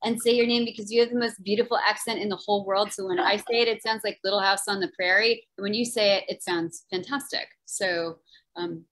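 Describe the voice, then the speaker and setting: A woman's voice: medium pitch, fairly even intonation, a little fast, fairly bright tone, rough recording. A woman from New Jersey hosting a virtual book event on a video call, chatty and enthusiastic. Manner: chatty and enthusiastic, lots of fillers. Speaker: event host and moderator.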